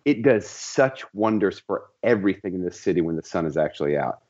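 A man's voice: deep voice, expressive, a little fast, a little mellow. A man co-hosting a podcast, chatting playfully in grand, overblown phrasing. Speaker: podcast co-host. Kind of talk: casual podcast chat. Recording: dull lo-fi remote audio.

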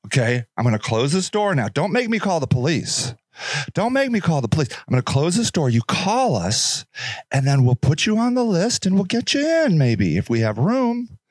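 A man voicing a condescending shelter worker who speaks slowly and soothingly while coldly turning someone away. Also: on the high side, very animated, no echo, clean studio sound, pitched below the performer's own voice. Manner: patronizing, slow, soothing yet cold.

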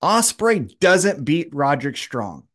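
A man with a slightly raised pitch talks through wrestling storylines in casual podcast chat. He swears freely and slips into the wrestlers' voices to act out their lines. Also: slow. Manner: animated, profane, acts out wrestlers' lines. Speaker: podcast co-host.

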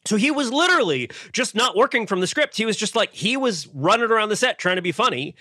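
A man's voice: high voice, quick pace, no echo. Dry-sounding man rambling through film critique. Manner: rambling, filler-heavy, animated asides. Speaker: film critic podcast panelist. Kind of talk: casual panel discussion.

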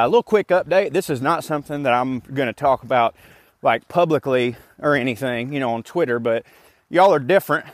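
A man's voice: mid-range voice, no room sound. A man, out of breath as he walks and talks into his phone, giving a chatty, joking update to his podcast listeners. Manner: chatty, laid-back, joking. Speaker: podcast host. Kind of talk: casual walking update. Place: outdoors on a walk. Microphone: phone mic instead of usual microphone.

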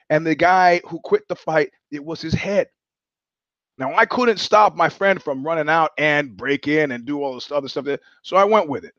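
Here the podcast host's voice sits a little high for a man and is a bit bright. His casual monologue is blunt, profane, rambling, and full of restarts, on a dry, dull, lo-fi recording.

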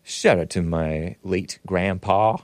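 A man's voice: low-pitched, slow pace, a little mellow, dry recording. A man hosting a livestream talk show, reading viewer messages aloud and chatting in a rambling, chuckling way. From United States.

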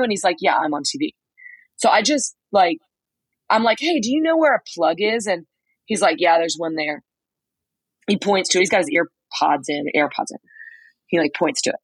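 A woman with a low, husky voice tells a story in casual podcast chat. She fills it with "like"s and acts out what people said. The sound is close and dry. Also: dry recording, low-quality recording. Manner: animated storyteller, many "like"s, acts out quotes. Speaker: podcast co-host reporting from a trial. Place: motel room.

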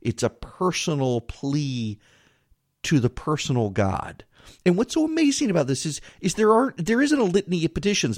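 A man hosting a podcast, giving an earnest devotional reflection in a pleading, halting way, often restarting his words. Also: a little high, sing-song, a little mellow, no room sound, studio quality. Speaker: podcast host.

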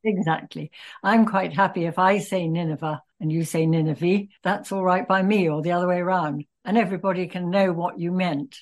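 A woman's voice: lowish voice, fairly even intonation, brisk. An older British woman, a scholar guest in an interview, wry and matter-of-fact. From Britain. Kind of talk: casual interview conversation.

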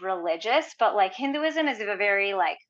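A woman guest telling a story in casual conversation, chatty and animated, filling her talk with "like". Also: medium pitch, normal speed. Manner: chatty, heavy use of "like", animated retelling. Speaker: podcast guest. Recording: dull lo-fi audio.

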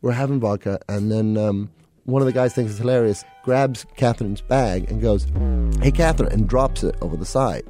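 A man's voice: on the low side, moderate pace, dark tone, soft background music. A man from England, a comedian guest, telling rambling self-mocking stories in a casual podcast interview. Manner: rambling, self-mocking anecdotes with frequent laughs.

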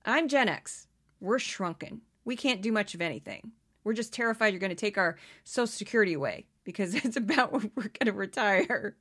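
A woman in her fifties hosting a commentary podcast, animated and self-deprecating, laughing often. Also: medium pitch, fairly quick. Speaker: podcast host.

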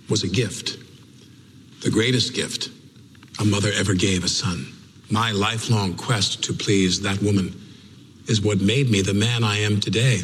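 An actor playing a vain, pompous executive who delivers a grandiose, self-aggrandizing eulogy in a sitcom, with a long hall reverb. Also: male voice, mid-range voice, fairly bright tone, natural voice. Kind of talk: TV sitcom acting.

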